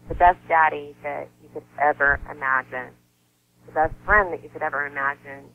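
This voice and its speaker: A woman's voice: sits low, steady tone, moderate pace, dull audio. A woman in her thirties, a model and actress guesting on an interview show, talking earnestly and from the heart. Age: 30s. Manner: earnest and heartfelt, laughs easily, voice softens when grieving. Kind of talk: emotional personal interview talk.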